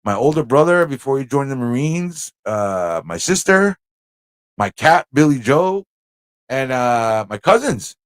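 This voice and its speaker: A man with a New York accent, a livestream host telling a story in a casual, animated way, acting out voices and laughing often. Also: medium pitch, a little slow, clean tone, no room sound. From Corona, Queens, New York.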